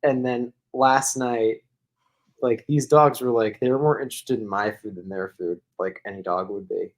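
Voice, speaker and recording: A mid-range male voice at ordinary speed belongs to a podcast co-host telling a long, loose story. He rambles, says "like" over and over, and chuckles while telling it.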